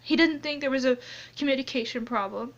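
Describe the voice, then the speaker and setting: Young woman, anonymous confessional vlog, tearful and halting, high-pitched, dull lo-fi phone sound. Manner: halting, many restarts and trailing off. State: tearful, crying on and off. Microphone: phone camera close up, only a hand in frame.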